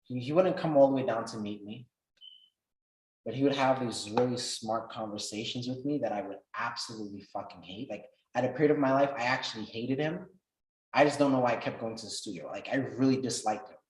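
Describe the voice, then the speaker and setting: A man speaks to a workshop in a casual storytelling way, mid-pitched and conversational. He gets animated when he acts out what people said, his voice climbing and getting louder. The room around him rings with noticeable echo. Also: a little fast. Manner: animated, acts out quoted dialogue with rising pitch and loudness. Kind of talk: personal storytelling talk. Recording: roomy echo.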